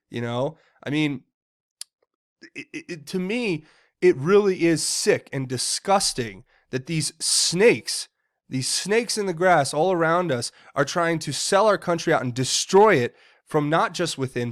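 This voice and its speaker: A man giving heated political commentary, indignant and often stumbling and repeating words. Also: medium pitch.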